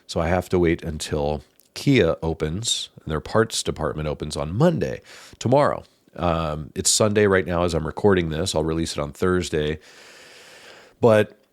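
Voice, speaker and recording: A man hosting his own podcast, talking in a calm, thoughtful, casual way with pauses. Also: sits low, no echo, clean studio sound. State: slightly out of breath. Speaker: podcast host. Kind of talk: casual reflective monologue.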